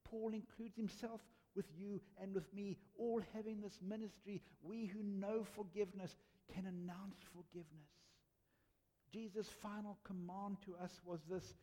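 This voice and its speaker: A man delivers a sermon in a high, mellow voice. He tells his stories earnestly, leaning on emphasis and dramatic pauses. His words ring out with long reverb through a church. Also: steady tone. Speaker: preacher.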